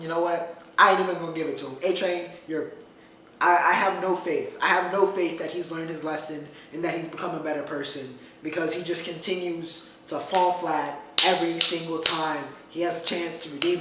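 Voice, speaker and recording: A man hosts his own podcast, his voice sitting a little high for a man. He talks in an animated, emphatic way and leans on repeated phrases. He sits back from the mic in a very echoey room with faint noise underneath. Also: far from the mic. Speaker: podcast host. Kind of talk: casual solo commentary.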